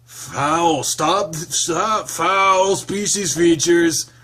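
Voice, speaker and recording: A man's voice: on the high side, sing-song, unhurried, pushed and bright, slight background noise, heavily acted. Man doing a chiding, prim lynx man from a visual novel, upbeat and proper. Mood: protesting. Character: prim cheerful adult male lynx. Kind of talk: visual novel read-aloud.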